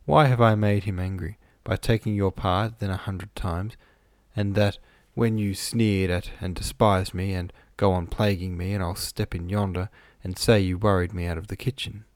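Hareton, a gruff surly young man voiced by a reader. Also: sits low, steady tone, normal speed, no room sound, clean studio sound, lightly acted. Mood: resentful. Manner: gruff and growling. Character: surly, proud young countryman.

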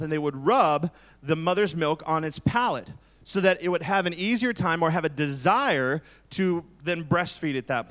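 A man's voice: fairly high pitch, fairly bright tone. A man in his forties, a pastor, preaching in a candid, joking, conversational way. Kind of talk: sermon.

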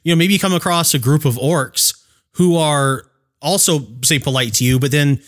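A man's voice: on the high side, normal speed. A man co-hosting a casual talk about tabletop game mastering, making dry, wry asides. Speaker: podcast co-host.

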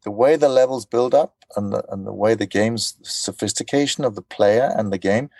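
A man being interviewed as a voice actor, telling animated stories and acting out quotes. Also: fairly low pitch, moderate pace, no echo. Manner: animated storyteller, acts out quotes. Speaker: voice actor guest. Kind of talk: casual interview chat.

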